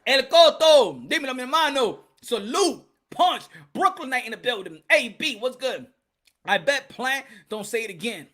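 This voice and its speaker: A man hosting a boxing talk stream in loose, laughing commentary, swearing freely and calling out viewers by name. His voice is very high and bright, and it swings up and down with a lot of energy. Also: moderate pace. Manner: animated, laughing, profane, greets viewers. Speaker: boxing show host. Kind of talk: casual livestream commentary.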